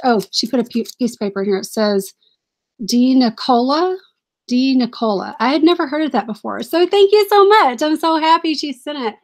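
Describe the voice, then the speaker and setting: Woman, high voice, casual live-stream chat, excitable, keeps apologizing. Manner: chatty, apologetic and easily distracted; enthusiastic, gushing over items. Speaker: reseller hosting a live stream.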